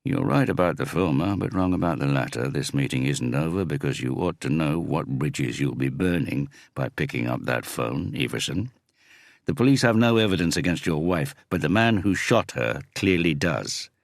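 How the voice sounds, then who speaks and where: A cold, icy police inspector in an audiobook, read by a man. He presses in a measured, deliberate way, with a very deep voice, some gravel in it, and a dry close sound. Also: expressive, no echo, full character voice. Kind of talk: audiobook character reading.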